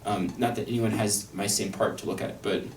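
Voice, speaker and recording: A man's voice: lowish voice, steady tone, brisk. A young man teaching a violin excerpt in a thoughtful, wry manner, with fillers and restarts. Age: young adult. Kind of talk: instructional talk on an orchestral excerpt. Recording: echoey room, mic at a distance.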